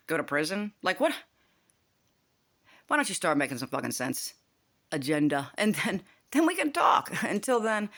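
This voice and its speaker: A woman's voice: on the low side, fairly bright tone. An older woman vents straight to camera in a long, heated monologue. She swears freely and rambles from one grievance to the next. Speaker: vlogger.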